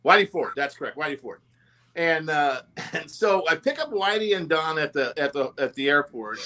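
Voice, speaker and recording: Man in a casual roundtable who tells lively anecdotes and keeps laughing as he acts out the quotes, with a bright, sharp tone. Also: a little high, moderate pace. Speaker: former sales executive telling stories.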